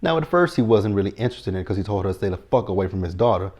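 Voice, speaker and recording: Man in his thirties, recap host, lowish voice, blunt and cussing, loose chatty delivery. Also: expressive, very fast, a little mellow. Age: 30s. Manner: blunt, profane, sassy retelling. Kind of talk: casual recap chat.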